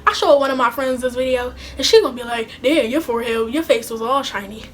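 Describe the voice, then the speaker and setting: A young woman telling a casual storytime vlog, animated and slangy, with some swearing. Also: a little high, fast, slight background noise. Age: young adult. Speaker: vlogger.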